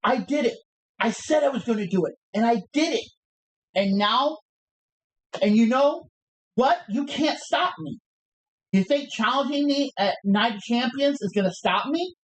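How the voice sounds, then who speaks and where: A woman's voice: on the high side, expressive, unhurried, rough recording. A woman re-enacting a brash male pro wrestler's defiant promo on a livestream, taunting and cocky, tripping over the words as she recites them.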